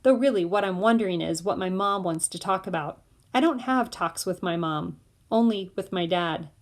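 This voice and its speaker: A woman's voice: fairly low pitch, normal speed. Woman reading a novel aloud. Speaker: audiobook reader. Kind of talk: first-person novel narration.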